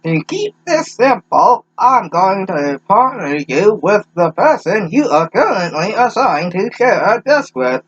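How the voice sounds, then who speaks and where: A man putting on an old person's voice to play an elderly art teacher, talking slowly. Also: high-pitched, sing-song, husky, muffled recording, pitched above the performer's own voice, heavily acted. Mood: lecturing. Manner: slow, drawn-out old-person voice.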